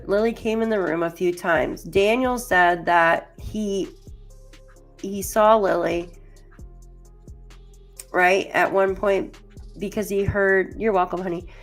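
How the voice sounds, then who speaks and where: A woman hosting a casual true crime livestream, rambling chattily with lots of "like" as she talks to viewers by name and reads through case documents. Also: medium pitch. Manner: chatty and rambling, heavy use of "like"; addresses chat viewers by name.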